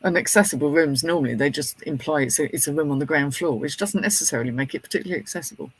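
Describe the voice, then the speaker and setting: A man co-hosting a casual podcast, reading out listener comments. His voice is husky and sits a little high, recorded dry and close with no room sound. He reacts in a chatty way with quick laughs. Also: no room sound, poor audio. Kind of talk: casual chat.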